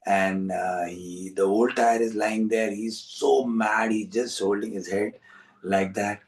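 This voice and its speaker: A man, hosting a storytelling session for young listeners in an animated, repetitive, coaxing way. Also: fairly low pitch, slow pace, recorded from a distance, rough recording. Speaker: storyteller and host.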